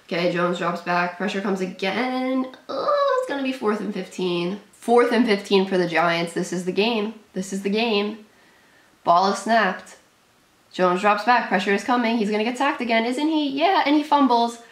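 A woman's voice: medium pitch, moderate pace. Nervous young woman calling plays, echoey. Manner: nervous play-by-play, shrieking at big plays; calls plays in short clipped sentences. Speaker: sports fan commentator. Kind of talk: live game reaction commentary.

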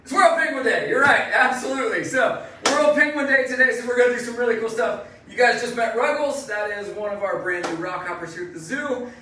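This zookeeper presenter's voice is very high-pitched, pushed and bright, moving briskly with few pauses. He stays upbeat and chatty behind a face mask during a casual educational live stream among penguins in an indoor birdhouse. The sound is echoey, distant-miked and faintly noisy.

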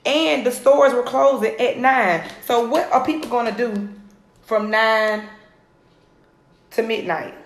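Energetic woman coaching on phone. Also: on the high side, slow, long pauses. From Atlanta area, US. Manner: energetic, directly addresses viewers, repeats points. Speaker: home business coach. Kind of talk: live social media coaching. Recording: roomy phone recording.

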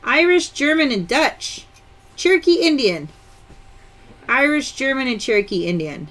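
A woman's voice: high voice, expressive, unhurried, a bit bright. A woman hosting a live-stream sale, chatty, greeting viewers by name and counting items aloud. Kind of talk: live-stream sales chat.

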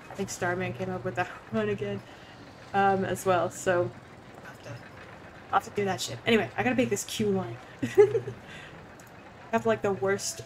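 A woman's voice: medium pitch, a little hiss or hum, poor audio. A young woman on a casual gaming livestream, rambling, giggling and swearing now and then as she chats with viewers. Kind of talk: casual gaming stream chat.

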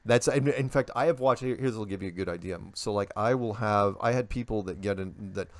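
An older man, a guest in a casual interview, telling stories in an animated way and acting out the voices he quotes. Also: on the low side, fairly quick, dry recording.

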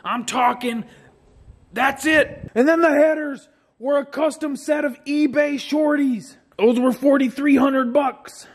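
Male vlog host with a high voice, sarcastic mock-bragging delivery. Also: steady tone, unhurried. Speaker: channel host. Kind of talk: comedic car build vlog.

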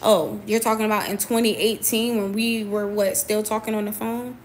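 A woman's voice: mid-range voice, fairly even intonation, normal speed, slight background noise. A young adult woman, a boxer, venting to camera in a confrontational, emphatic way, often repeating her points. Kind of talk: personal venting monologue.

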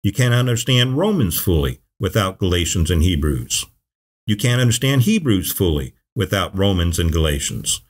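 Measured, emphatic male preacher. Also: sits low, big pitch swings. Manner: measured, emphatic phrasing with repeated verse quotes. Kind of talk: Bible teaching video.

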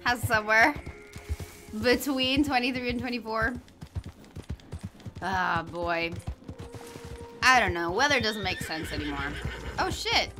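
A woman's voice: a little high, lively intonation, unhurried, long pauses, over music. A woman streaming a game in casual chat, greeting viewers by name and laughing often. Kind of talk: casual livestream chat while gaming.

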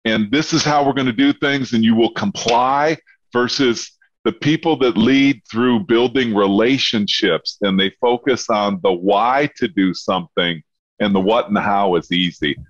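A man with a very deep voice hosts a casual podcast interview. He asks his questions with enthusiasm, echoes his guest's ideas and throws in "dude". The sound is a little muffled. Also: normal speed. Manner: enthusiastic, quotes back ideas, says "dude". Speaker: podcast host.

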